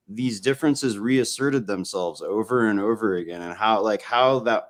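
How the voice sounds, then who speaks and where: A man in a casual political discussion, building long, thoughtful arguments. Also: on the low side. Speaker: podcast guest.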